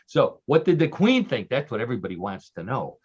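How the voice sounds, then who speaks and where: Brisk and very animated, a man with a slightly rough mid-range voice spins offbeat tales as a regular radio guest. He jokes, restarts, uses plenty of fillers and laughs at his own stories, heard through dull lo-fi radio audio.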